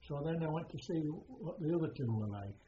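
An older man, a war veteran, slowly recounting his memories in a halting way with many pauses during an interview. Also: on the high side, animated, a little hiss or hum. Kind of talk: oral history recollection. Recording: echoey, dull archival interview tape.

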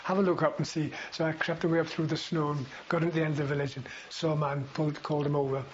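An older man reminisces in a rambling, unhurried way, often pausing on fillers and restarting his sentences. His voice sits a little high for a man. The recording is dull and lo-fi, with a faint hiss. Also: level tone. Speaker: veteran interviewee. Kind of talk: oral history recollection.

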